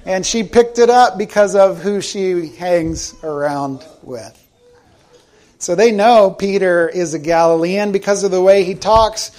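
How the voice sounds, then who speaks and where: A middle-aged man from South Carolina, preaching a sermon in a conversational storytelling way and slowing down for emphasis. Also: high-pitched, darkish tone. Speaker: pastor.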